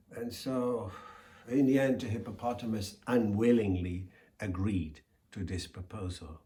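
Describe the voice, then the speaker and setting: A man telling a folk tale in a slow, deliberate, expressive way. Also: on the low side. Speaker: storyteller. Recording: echoey room.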